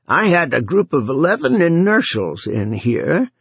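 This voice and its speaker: A man voicing a hesitant male technician who talks haltingly. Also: on the high side, wildly swooping pitch, creaky, fairly bright tone, husky, no echo, pitched above the performer's own voice, heavily acted. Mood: earnest.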